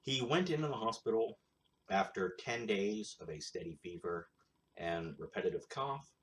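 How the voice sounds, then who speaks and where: A man's voice: on the low side, expressive, moderate pace. A man hosting his own show, rambling through casual solo commentary in a blunt, crude, sarcastic way. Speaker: show host.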